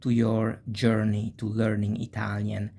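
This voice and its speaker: A man teaching a video language lesson. He pronounces example words slowly and often checks in with the listener with short "eh?" or "okay?" tags. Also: fairly low pitch, completely flat delivery, gravelly, dark tone, slightly rough. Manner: says Italian example words slowly and deliberately.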